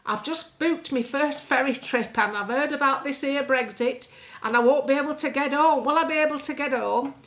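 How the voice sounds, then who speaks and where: A woman's voice: high voice, normal speed, fairly bright tone, pitched above the performer's own voice. Missus Battersby, a woman putting on a fretful very old lady. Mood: worried. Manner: calls everyone love, homely fussing chatter.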